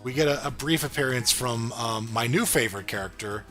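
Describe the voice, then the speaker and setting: A man's voice: medium pitch, brisk, fairly bright tone, faint music behind. A man co-hosting a podcast, recapping episodes in a laid-back, agreeable way with frequent fillers. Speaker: podcast co-host reviewing a cartoon series. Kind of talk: casual chat.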